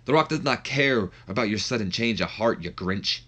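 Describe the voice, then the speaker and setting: A man's voice: fairly low pitch, animated, moderate pace, sharp tone. A man putting on a cocky male wrestler who mocks his rival and talks about himself in the third person. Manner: boastful, mocking, refers to himself in third person. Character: cocky trash-talking male wrestler, brash showman.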